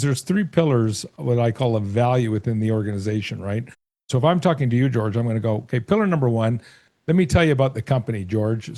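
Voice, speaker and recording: A middle-aged man, a sales coach being interviewed, explaining ideas through lively analogies and acted-out bits of dialogue. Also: medium pitch. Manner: storytelling, acts out short dialogues and analogies. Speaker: sales coach and author, guest. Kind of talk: conversational interview.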